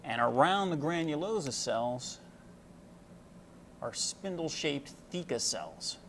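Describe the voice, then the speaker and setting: A man's voice: a little high, expressive, slow pace, fairly bright tone, slight background noise. Casual folksy man lecturing. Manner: casual, folksy, many fillers. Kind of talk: medical lecture with analogies.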